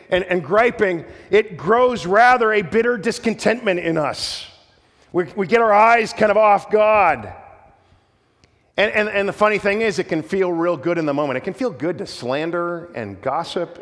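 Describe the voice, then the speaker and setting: Earnest guy preaching, kinda high voice, lots of echo from the church hall. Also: fairly bright tone. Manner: earnest, emphatic, repeats words when restarting. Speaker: pastor. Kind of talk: sermon.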